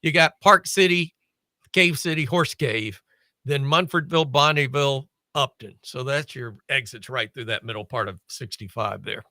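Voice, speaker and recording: A man co-hosting a talk show who thinks aloud as he rattles through a list in easy, casual chat. His voice is bright and forward. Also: medium pitch, moderate pace. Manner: thinks aloud, lists places. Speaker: co-host.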